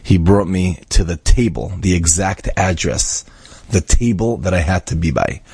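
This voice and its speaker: A man's voice: low voice, normal speed, a little mellow, slightly rough, no echo. A man voicing an earnest, humble, grateful young Israeli man in a spoken story.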